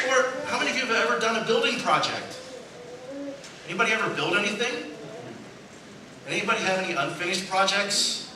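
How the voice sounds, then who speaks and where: High-pitched and sing-song, a male pastor preaches at a quick pace, telling humorous stories. He performs the quoted voices of the people involved and laughs at his own jokes. Recorded at a distance in a church sanctuary, the audio echoes and has noise.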